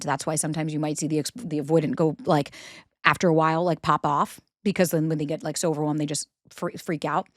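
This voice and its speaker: A woman hosting a podcast, talking through relationship advice in a casual, animated way and acting out quoted voices. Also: low-pitched, dry recording, studio quality. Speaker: podcast host.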